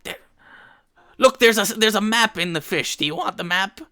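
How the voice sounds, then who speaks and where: A man's voice: high-pitched, moderate pace, voice pushed up. A man doing a pushy old street peddler. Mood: pushy hawking. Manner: loud hawking, insistent.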